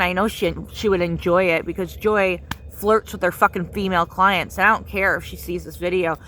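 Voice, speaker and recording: A woman's voice: fairly low pitch, steady tone, moderate pace, hardly any pauses, fairly bright tone, slight background noise. A woman in a casual vlog rant, angry and profane, full of fillers like "um" and "like.". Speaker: vlogger.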